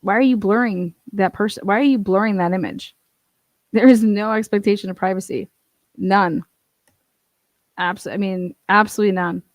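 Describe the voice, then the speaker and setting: A woman's voice: mid-range voice, normal speed, long pauses, no echo. Young woman ranting about a true crime case, swears a lot, dry close sound. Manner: blunt, profane, animated storytelling. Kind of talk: casual commentary.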